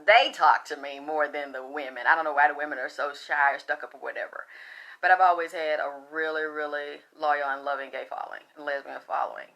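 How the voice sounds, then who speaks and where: A woman's voice: low-pitched, a little fast, bright, forceful tone. A middle-aged woman hosting a casual spiritual talk, blunt and profane, rambling with frequent restarts. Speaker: spiritual talk show host.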